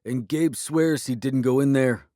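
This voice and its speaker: A man voicing a shaken, plain-spoken young henchman who is rough but decent, speaking uneasily in an audiobook. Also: mid-range voice, a little slow, mellow, no room sound, clean studio sound, pitched above the performer's own voice, lightly acted. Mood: uneasy.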